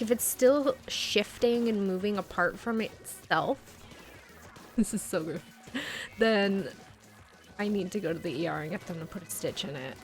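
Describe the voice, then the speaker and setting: A woman's voice: medium pitch, a bit bright. A young woman streamer telling a story in casual live-stream chat, full of "like" fillers. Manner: chatty storytelling, frequent "like" fillers.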